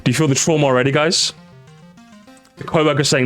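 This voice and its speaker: A man's voice: medium pitch, fast talker, soft background music. A young man doing casual stream reaction commentary, sarcastic and mocking, often restarting his sentences.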